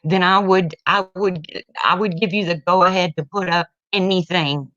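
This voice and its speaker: This is a middle-aged mother's emotional online rant about her family, blunt and heated, with tearful stretches. Her lowish, slightly bright voice holds a steady tone at normal speed. There's no echo, and the sound is dull, lo-fi, and dry.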